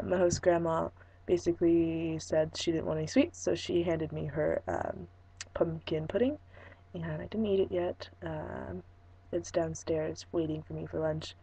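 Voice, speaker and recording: Hoarse young woman vlogger, low and gravelly, rambling with plenty of ums. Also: dark tone, low-quality recording. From Fresno, California. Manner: rambling, lots of ums and restarts. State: hoarse, losing her voice. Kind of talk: casual vlog chat.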